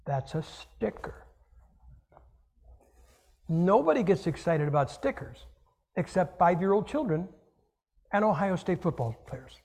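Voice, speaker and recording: Lively, joking male preacher. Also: high voice, unhurried, long pauses. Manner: animated, jokey, acts out little scenes. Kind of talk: humorous sermon.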